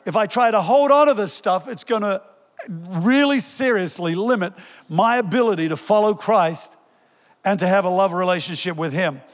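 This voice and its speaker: High-voiced older pastor preaching in a hall. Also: male voice, moderate pace. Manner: energetic, joking with the congregation, rising to quoted scripture. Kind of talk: sermon. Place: large church hall. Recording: long reverb in a large hall.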